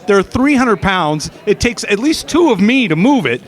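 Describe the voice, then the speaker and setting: Man, middle-aged, higher pitch, rambling, filler-heavy, interview guest, outdoor expo. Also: big pitch swings, moderate pace. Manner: rambling storyteller, many fillers and restarts. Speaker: guest, former steeplechaser. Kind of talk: casual interview chat.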